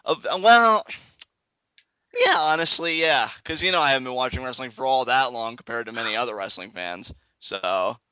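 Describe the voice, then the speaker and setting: Excitable young man, bright crisp voice. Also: mid-range voice, normal speed, no echo, highs cut off. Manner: excitable, laughs often, rambling restarts. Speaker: guest co-commentator. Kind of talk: casual live reaction chat.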